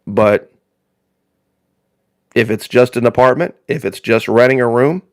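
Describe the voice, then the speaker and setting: A man from northern Indiana talks casually to his live-stream viewers at a mid-range pitch. His delivery is folksy and rambling, and he doubles up phrases for emphasis. The sound is dry and close, with no room echo. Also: measured pace.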